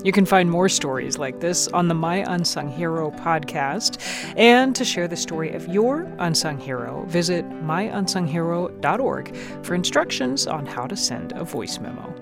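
Measured radio narrator, even and polished, guitar music playing behind. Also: mid-range voice, gravelly. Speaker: radio host. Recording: music bed under the voice.

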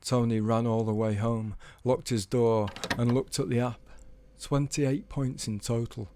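A man telling a comic story in a measured, deadpan way. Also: medium pitch, noisy background. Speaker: storyteller guest.

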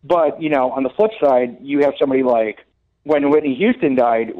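A man co-hosting a podcast, telling stories in an excitable, profane casual chat. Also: mid-range voice, normal speed. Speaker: co-host. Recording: dull lo-fi sound.

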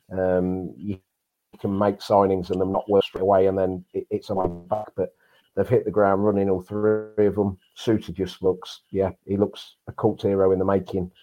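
An English man with a low voice co-hosts a casual football podcast. He chats freely, and his speech is full of fillers. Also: flat delivery, normal speed, highs cut off. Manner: chatty, filler-heavy. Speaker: podcast co-host.

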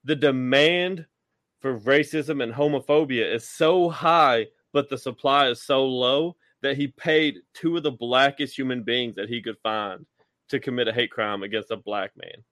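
A man's voice: medium pitch, a little slow, a bit bright, no room sound. A man co-hosting a casual podcast chat, talking in a sarcastic, mocking way. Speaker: podcast co-host.

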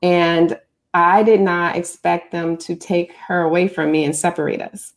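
Chatty, expressive middle-aged woman host. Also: fairly low pitch, measured pace. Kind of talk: casual interview chat.

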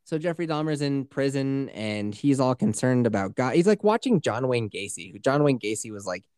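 A man's voice: mid-range voice, moderate pace, clear, resonant tone, no echo. A man in his thirties chats casually as a co-host. He tells stories with plenty of swearing and acts out little quotes as he goes. The sound is dry and close, with no room around it. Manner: profane, animated storytelling with acted-out quotes. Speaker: podcast co-host. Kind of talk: casual chat.

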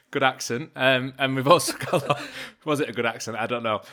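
A man hosting a casual podcast chat, jokey and quick to laugh as he introduces his guests. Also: medium pitch, sharp tone. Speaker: podcast host.

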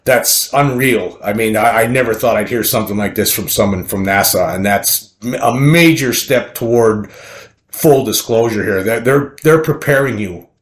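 Excited man commenting, roomy echo. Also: on the low side, moderate pace. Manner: emphatic, excited, repeats words while building a point. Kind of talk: reading an article aloud and commenting.

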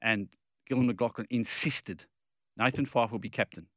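A man's voice: mid-range voice, normal speed, fairly bright tone, dry recording, clean studio sound. An Australian man co-hosting a football radio show, talking in an opinionated, rambling way with frequent restarts. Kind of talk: casual radio chat.

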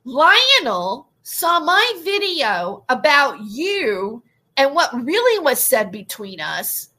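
A woman vlogger recounting an online argument in an indignant, animated way. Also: high voice, slow. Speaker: YouTube commentator. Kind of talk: casual vlog rant.

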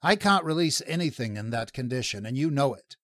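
A man's voice: medium pitch, animated, brisk, fairly bright tone, dry recording, studio quality, close to an everyday voice. A man reading the lines of a cold, disapproving prison superintendent, icy and easily flustered.

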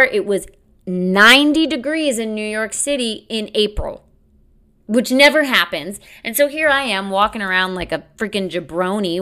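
A woman's voice: medium pitch, a bit bright, clear, resonant tone. A young woman hosting a casual solo podcast, chatting in a rambling, self-deprecating way and laughing often. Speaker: podcast host.

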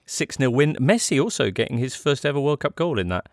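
A man's voice: mid-range voice, sing-song, fairly quick, dry recording, studio quality. A man hosting a casual football podcast and quizzing his co-hosts. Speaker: podcast host.

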